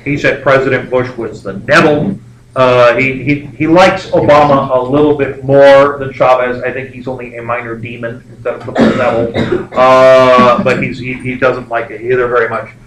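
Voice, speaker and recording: Here a male history teacher speaks at a normal speed in a medium-pitched voice with flat delivery, positioned far from the microphone. The lecture wanders, cracks jokes, and leans on lots of fillers, while the classroom echoes and faint noise hums behind.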